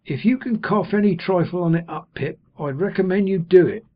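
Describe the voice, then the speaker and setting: Brief: man doing a kind blacksmith, husky, higher and louder than the reader, fretful, dull lo-fi audiobook sound. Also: a little fast. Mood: anxious. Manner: earnest, confiding, fretful. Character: kindly simple-hearted blacksmith man, gentle and worried.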